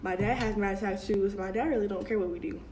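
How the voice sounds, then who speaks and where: A woman's voice: mid-range voice, fairly even intonation, fast talker, a little mellow, slight background noise. A young adult woman telling a casual storytime, chatty and full of slang, acting out what her family said. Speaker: vlogger.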